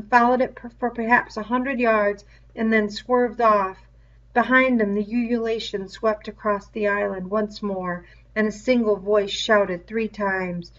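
A woman reading a novel aloud in a measured storytelling manner, with the cries in the story voiced aloud. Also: mid-range voice, a bit bright. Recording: dull lo-fi recording.

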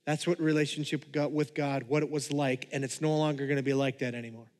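A pastor delivering a sermon in a conversational manner, joking with the congregation. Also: male voice, a little high, little pitch movement, fast talker, a little mellow, big-room sound.

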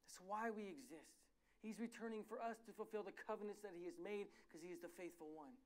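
High-voiced man preaching a sermon. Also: fairly quick. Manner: animated, self-correcting storyteller. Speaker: pastor. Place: church.

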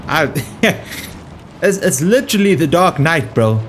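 A man's voice: on the high side, sing-song, measured pace, slight background noise. A young adult man doing casual, slangy, joking gameplay commentary as a YouTuber. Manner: slangy, hyped, joking, tries a poor Australian accent. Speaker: gaming YouTuber. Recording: game music playing behind.

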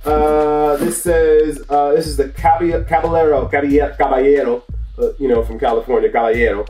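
Mellow-voiced man hosting a slangy unboxing. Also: a little high, little pitch movement, normal speed, echoey room, faint music behind, rough recording. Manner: upbeat, slangy, repeats his praise. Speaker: vlog host. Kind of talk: casual product unboxing.

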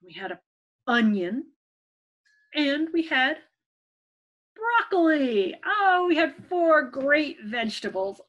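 A young woman leading a children's story time as librarian, gently coaxing her young listeners with questions. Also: fairly high pitch, muffled recording.

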